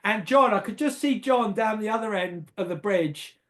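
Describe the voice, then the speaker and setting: A man's voice: high-pitched, lively intonation, moderate pace, a bit bright. Older Englishman telling a story, hesitant. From England. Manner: hesitant, repeats words, laughs at himself. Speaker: interviewee. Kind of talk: casual storytelling.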